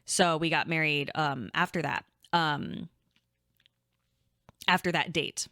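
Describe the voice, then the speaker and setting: Young woman, casual storytelling, rambling, bright voice, dry sound. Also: low-pitched, slow, no echo. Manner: rambling, full of "like" and restarts. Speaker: podcast co-host.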